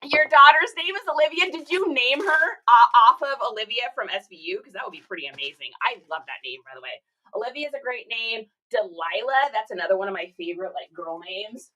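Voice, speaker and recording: Bright-voiced chatty woman packing orders. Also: fairly high pitch, lively intonation, a little fast, rough recording. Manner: chatty, giggly, reads viewer comments aloud. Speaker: reseller streaming live. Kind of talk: casual livestream chat while packing orders.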